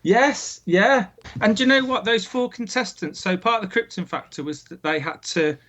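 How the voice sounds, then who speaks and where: A man's voice: high-pitched, moderate pace, a bit bright. A man co-hosting a podcast, recounting things in a chatty way, full of asides. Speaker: podcast co-host. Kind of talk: casual chat.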